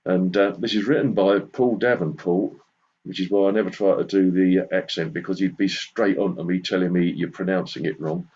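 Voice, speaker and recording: A man's voice: sits low, fairly even intonation, moderate pace. Man chatting between songs, lo-fi sound. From southern England. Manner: rambling, self-deprecating anecdotes with soft chuckles. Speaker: song circle participant. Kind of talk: chatty song introduction then sung lullaby. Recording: slightly dull lo-fi recording.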